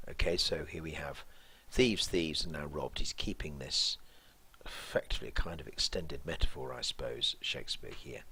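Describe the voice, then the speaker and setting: Low husky-voiced male teacher. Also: moderate pace, pushed and bright. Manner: thoughtful, musing, hesitant with fillers and restarts. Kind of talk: line-by-line explanation of a play.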